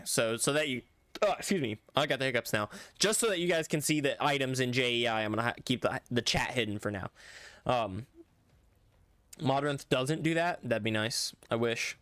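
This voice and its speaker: Male streamer, mid pitch, rambly and self-correcting, chatting with viewers over a dry, close mic. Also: normal speed, a bit bright, clear, resonant tone, no echo. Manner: rambling, self-correcting, talks back to chat. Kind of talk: casual live-stream chat while gaming.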